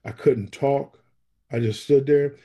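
A man with a dark, husky voice, telling a personal faith story to an interviewer. He speaks earnestly and with emotion, slipping into the voices of the people in his story as he narrates. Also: mid-range voice, steady tone, slow. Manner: vivid storyteller who acts out quoted dialogue. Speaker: guest sharing his faith testimony.

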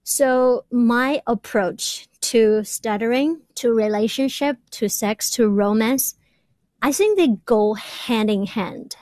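A woman and doctoral student who stutters, repeating words as she reflects slowly in an interview. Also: a little high, a little mellow, no room sound. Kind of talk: interview conversation.

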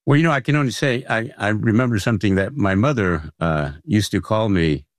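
A man's voice: fairly low pitch, lively intonation, dry recording, studio quality. Reflective older male playwright. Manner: reflective, measured, with halting restarts. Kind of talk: reflective interview answers.

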